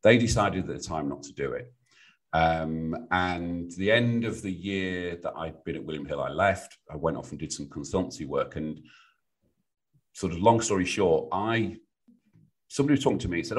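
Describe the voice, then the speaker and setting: A middle-aged British man, a guest on a business podcast, telling stories in a lively way and acting out what clients say. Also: sits low, normal speed. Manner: animated storyteller, acts out clients' voices. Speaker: business sounding board.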